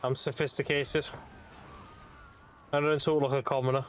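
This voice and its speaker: A man's voice: mid-range voice, flat delivery, normal speed. A British man streaming a game, chatting casually, joking and reading out chat. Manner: joking, swears, reads out chat.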